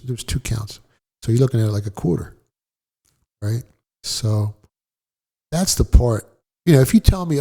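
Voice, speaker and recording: A middle-aged man telling a personal story in a blunt, profane, animated way, as a guest in a casual interview. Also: medium pitch, normal speed, pauses often, husky.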